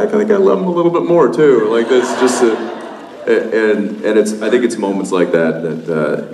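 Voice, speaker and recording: A man's voice: rumbling low, gravelly, distant mic. A man on a convention panel telling an amused anecdote, laughing as he goes. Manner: amused, laughs through his story. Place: large convention hall. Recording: echoey hall with crowd noise. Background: audience murmur and hall noise.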